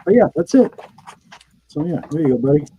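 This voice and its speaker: A man's voice: a little high, big pitch swings, a little fast, warm tone, highs cut off, a little hiss or hum. A man chatting enthusiastically in a casual group video chat, showing off items from his comic collection. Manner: enthusiastic, friendly. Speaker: guest collector.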